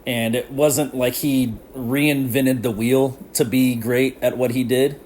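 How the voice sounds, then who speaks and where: A man's voice: medium pitch, steady tone, slow, a little mellow, slight background noise. A man hosting a casual solo podcast, rambling and laughing often as he talks with lots of slang. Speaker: podcast host.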